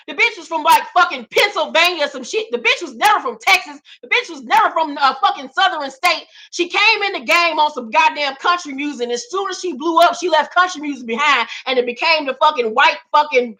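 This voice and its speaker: A woman's voice: high voice, sharp tone. A woman hosting her own vlog, ranting about celebrity gossip in a profane, emphatic way and repeating lines for effect. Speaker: vlog host.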